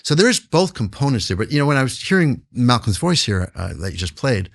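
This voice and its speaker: A man's voice: mid-range voice, big pitch swings, a little fast, gravelly. A man answering interview questions as a business guest, emphatic and repeating words for stress.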